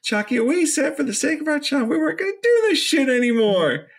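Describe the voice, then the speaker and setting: A man putting on the voice of a sassy, bossy female killer doll in a high mocking falsetto. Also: sing-song, fairly quick, exaggerated voice. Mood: scolding.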